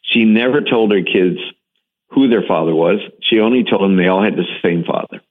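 A fairly low-voiced man talks eagerly about his work, pressing hard on key words and often circling back to restart his sentences. The sound is squeezed through a narrow, phone-like band, as if heard down a radio line. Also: moderate pace. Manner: enthusiastic, emphatic, with frequent restarts. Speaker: interview guest, TV series host. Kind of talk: animated storytelling in an interview.

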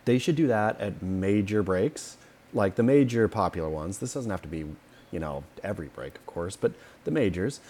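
Opinionated man with a low, mellow voice. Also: normal speed. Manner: opinionated, animated storytelling with acted-out quotes. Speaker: podcast co-host. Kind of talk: casual chat.

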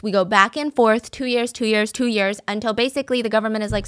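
A woman narrating a true crime case in a chatty, animated storytelling manner, acting out the quotes. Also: medium pitch, quick pace, hardly any pauses, dry recording, studio quality. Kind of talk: casual storytelling.

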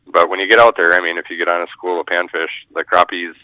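A man's voice: low-pitched, flat delivery, fast talker, bright, forceful tone, dry recording. A man, a fishing guide talking casually in a radio interview, rambling and repeating his words. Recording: muffled phone line.

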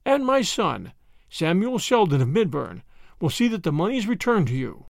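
A man's voice: normal speed, creaky, no room sound, studio quality, exaggerated voice. A man voicing a fussy, anxious old grandmother. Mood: grateful, flustered. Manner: high, quavering, excitable.

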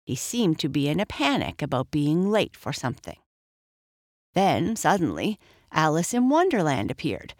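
A woman reading a children's storybook aloud in an expressive, measured way. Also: low voice, no echo, studio quality.

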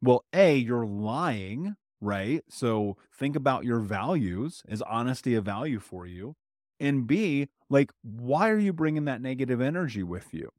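A man talking straight to his listeners as a healing coach, at a middling pitch, plain-spoken and conversational. The sound is close and dry, with no room around it. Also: very animated, measured pace, a little mellow, dry recording. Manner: direct, conversational, often asks "right?"; plain-spoken, with casual swearing. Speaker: trauma healing coach and podcast host. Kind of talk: motivational solo podcast talk.

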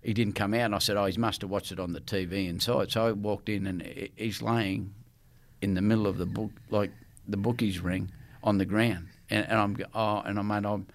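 A man's voice: on the low side, fairly even intonation, brisk. Laughing Australian man telling stories. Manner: laughing, rambling with restarts. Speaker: guest, former player. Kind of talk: storytelling in casual chat.

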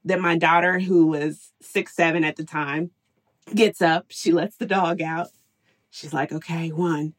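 A woman's voice: fairly low pitch, steady tone, a little slow. A woman in her thirties, a working mother, telling candid stories as an interview guest, laughing often and acting out her own past lines. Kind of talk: candid storytelling.

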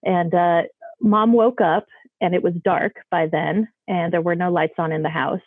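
A woman's voice: lowish voice, fairly even intonation, normal speed, no echo. Woman, casual storytelling, rambling with fillers, tinny phone-like sound. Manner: chatty, loose, lots of "like" and "um". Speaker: guest telling ghost stories. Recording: dry, tinny phone-like line.

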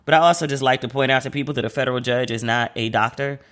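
A man's voice: mid-range voice, fast talker, fairly bright tone. A man hosting a casual solo podcast, chatty and slangy, who often acts out the voices of people he quotes. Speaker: podcast host.

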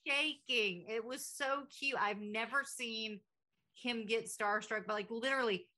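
A woman co-hosts a casual talk show, rambling happily with lots of fillers. Her voice is bright and crisp. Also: fairly high pitch, unhurried. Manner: chatty, full of "like" fillers. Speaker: podcast co-host. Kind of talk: casual chat.

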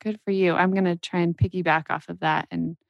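A woman in her thirties with a slightly low voice chats conversationally and laughs easily as a podcast co-host. The sound is close and dry. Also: steady tone, a little fast, creaky, no room sound, highs cut off. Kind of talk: casual podcast chat.

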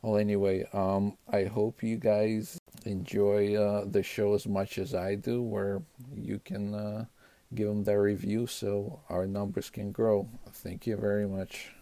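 A man's voice: fairly low pitch, little pitch movement, measured pace, dark tone, no echo. A man leaving a recorded voice message for a podcast, earnest and grateful.

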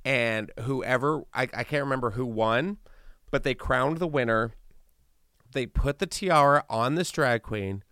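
A man hosting a podcast, telling animated stories with playful asides in casual chat. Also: mid-range voice, clean tone, no room sound, clean studio sound. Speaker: podcast host.

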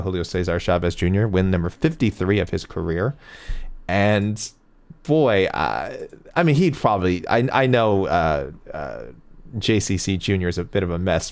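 Rambling man hosting a fight talk show. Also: deep voice. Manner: rambling, self-correcting, chuckles often. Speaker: MMA show host reading viewer picks. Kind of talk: casual chat.

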